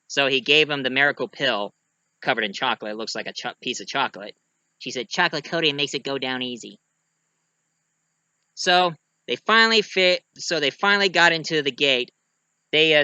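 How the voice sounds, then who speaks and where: A man talks through a film review in a loose, rambling way, often backing up and restarting his sentences. His voice is bright and sharp, a bit higher than most men's, and the recording is dry and close with no room echo. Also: smooth. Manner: rambling, full of fillers and restarts, acts out quotes. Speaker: movie reviewer. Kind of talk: casual spoken movie review.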